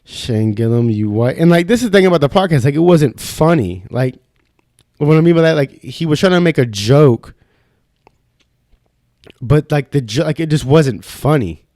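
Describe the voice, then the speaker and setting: A man's voice: a little high, lively intonation, moderate pace, a little mellow, no echo. Profane ranting young man, dry close sound. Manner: profane, rambling, heated. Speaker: podcast host. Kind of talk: casual solo podcast rant.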